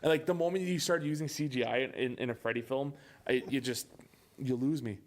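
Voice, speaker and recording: A man's voice: medium pitch, fairly quick, a little hiss or hum. A young man co-hosting a podcast in casual chat, swearing often and acting out movie lines. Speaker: podcast co-host.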